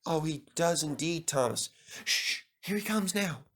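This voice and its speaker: A man voicing a kind, gentle old male engine in a storybook reading. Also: high-pitched, big pitch swings, moderate pace, pitched above the performer's own voice, heavily acted. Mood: hushed. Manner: gentle and friendly.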